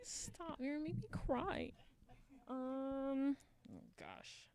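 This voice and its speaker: A woman's voice: sits high, slow pace, darkish tone. A woman sharing poems at a live open mic with playful, self-deprecating banter, speaking into a stage mic. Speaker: poet and co-director of the group. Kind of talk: casual stage banter and poetry.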